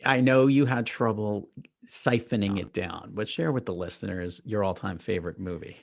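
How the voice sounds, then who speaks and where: A man's voice: fairly low pitch, moderate pace, creaky. A man hosting a podcast interview in a playful, upbeat, jokey way. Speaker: podcast host. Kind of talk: casual interview chat.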